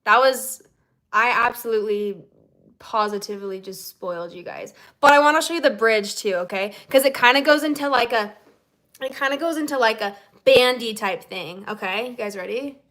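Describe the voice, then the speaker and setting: A woman's voice: a little high, normal speed, a bit bright. A woman singer-songwriter chatting casually with her fans on a livestream, bubbly and chatty, with lots of "like" and "okay?".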